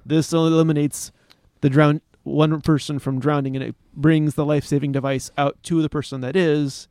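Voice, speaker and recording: A man co-hosting a casual news podcast, explaining stories haltingly with many restarts and frequent laughs. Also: on the high side, flat delivery, a little mellow, dry recording, clean studio sound. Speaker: podcast co-host. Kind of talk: casual chat.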